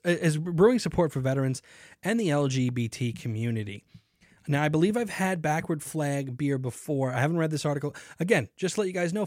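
A man's voice: mid-range voice, darkish tone, no echo. A man hosting his own podcast from a cramped home studio, talking casually with lots of fillers and self-mocking asides. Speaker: podcast host. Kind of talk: casual solo podcast talk. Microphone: studio microphone.

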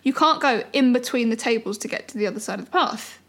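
A woman's voice: fairly high pitch, fast talker, a bit bright. A young woman co-hosting a casual chat, telling rambling stories with frequent giggles. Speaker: co-host.

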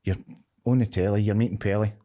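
A man's voice: fairly low pitch, steady tone, quick pace, dark tone. A middle-aged Glaswegian man in casual conversation, talking bluntly and animatedly and swearing freely. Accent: Glaswegian Scottish. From Scotland. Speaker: podcast guest, former footballer. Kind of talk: casual chat.

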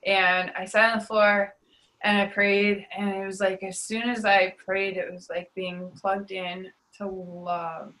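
A young woman with a bright, forward voice tells her personal testimony in a sit-down interview. She talks in a confessional way, full of fillers and asides. On the hard moments her voice sinks to a hush. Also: medium pitch, level tone, measured pace, low-quality recording. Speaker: guest sharing testimony.

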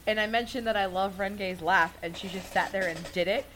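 A woman chatting casually on a podcast, excitable and gushing. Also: mid-range voice, a little fast, a little hiss or hum, poor audio. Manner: excitable, gushing fan talk. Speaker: podcast co-host. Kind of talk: casual chat.

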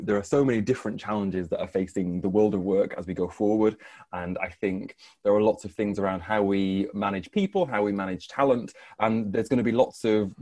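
A man's voice: fairly low pitch, dark tone. A man, an academic guest, answering interview questions thoughtfully with frequent fillers. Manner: thoughtful, many hedging fillers. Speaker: guest academic, associate dean.

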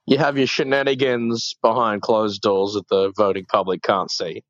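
A man's voice: lowish voice, flat delivery, moderate pace, dry recording, dull audio. A man leaving a joking, profane voicemail, ad-libbing as he goes. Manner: joking, swears freely, ad-libbing. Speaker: voicemail caller.

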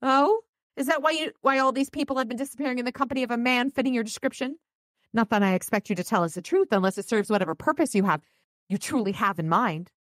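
A woman's voice: medium pitch, animated, quick pace, no room sound, pitched above the performer's own voice, lightly acted. A woman voicing a scornful female spiritual-order leader in a read-aloud story, with a sneering, accusatory manner.

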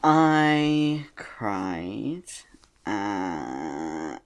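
Low-voiced woman chatting slowly with lots of laughter. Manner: laughs often, animated storytelling. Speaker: podcast co-host and voice actor. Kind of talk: casual chat.

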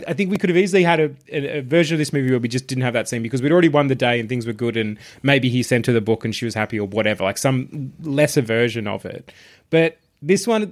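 Man, fast talker, animated, casual podcast co-host, swears. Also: medium pitch. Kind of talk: casual chat.

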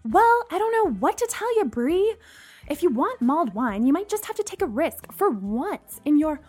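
Woman narrator putting on a brash, excitable college girl, high and bright. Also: normal speed, soft background music. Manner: loud, breezy, excitable. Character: bubbly reckless young woman at a party.

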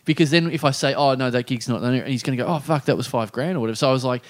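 A man's voice: medium pitch, very fast. A man telling a story in casual podcast chat, swearing freely and acting out the other people in it. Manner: animated, acts out quoted voices, swears freely.

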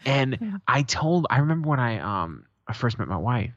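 A man co-hosting a laid-back podcast, swearing freely as he tells family stories and acts out the people in them. His voice sits at a middle pitch. It comes through dry and a bit muffled, with a lo-fi dullness. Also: big pitch swings, normal speed, fairly bright tone, no room sound. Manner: profane, storytelling, acts out quotes. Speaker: podcast co-host. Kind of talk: casual podcast chat.

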